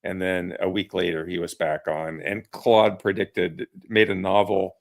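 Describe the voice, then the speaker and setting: A low-voiced man with a gravelly, creaky edge hosts a casual online chat. He tells stories in a relaxed, easygoing way. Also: unhurried. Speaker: host.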